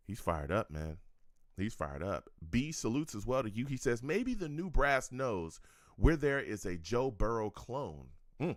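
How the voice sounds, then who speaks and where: A man hosting a live sports talk stream, his pitch swinging up and down as he riffs, repeats himself and breaks into laughs. His voice is mid-pitched and sits close on a dry, close microphone with no room around it. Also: sing-song, a little slow, no echo. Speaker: sports talk show host.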